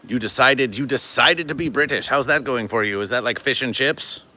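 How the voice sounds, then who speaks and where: A man hosting a comedic livestream, talking to his chat in a deadpan, stilted, formal way and calling himself by his show's name. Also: medium pitch, moderate pace. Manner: deadpan, stilted formal phrasing, refers to himself in third person. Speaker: livestream host.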